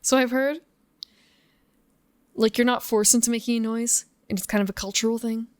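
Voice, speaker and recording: Her voice is a little high with a darkish tone and fairly even intonation, at a normal speed with no echo. She's a woman live-streaming games from a home setup, laughing often as she muses and talks to chat between play.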